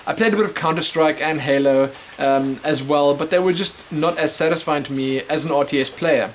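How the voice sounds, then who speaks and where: A man's voice: fairly high pitch, a little fast, a little hiss or hum. Rambling young man, chatty fillers. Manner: rambling, chatty, many fillers and self-corrections. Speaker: host answering viewer questions. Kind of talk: casual webcam show.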